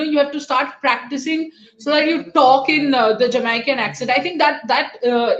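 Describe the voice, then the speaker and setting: A woman with a high voice hosts a live cricket analysis show, pausing often on fillers. Her audio sounds roomy and slightly dull, like a remote call. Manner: animated, hesitant fillers. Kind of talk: live post-match analysis.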